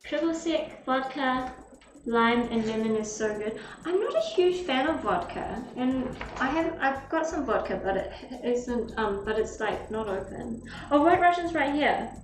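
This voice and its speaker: A woman's voice: high-pitched, expressive, measured pace, distant mic, background noise. A young woman streaming live, chatting casually and rambling as she reads drink recipes aloud to her viewers. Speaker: livestreamer. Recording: roomy echo, off-mic, faint music.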